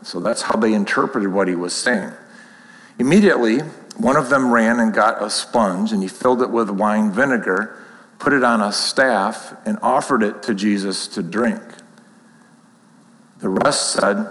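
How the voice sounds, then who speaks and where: Low-voiced man preaching in a reverberant hall. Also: fairly bright tone. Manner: measured, explanatory, reads aloud then comments. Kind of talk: sermon with scripture reading.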